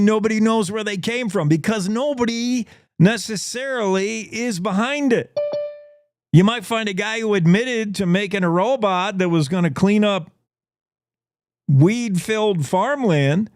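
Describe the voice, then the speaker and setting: Male morning show host, slightly high voice, dry close sound, playful storyteller. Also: a little slow, clear, resonant tone, dry recording. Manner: playful, spins speculative stories. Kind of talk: talk radio monologue.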